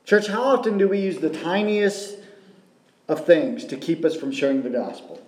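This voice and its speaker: A man's voice: a little high, expressive, normal speed, a little mellow. A male pastor preaching a sermon, asking the congregation rhetorical questions and repeating key phrases. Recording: roomy echo.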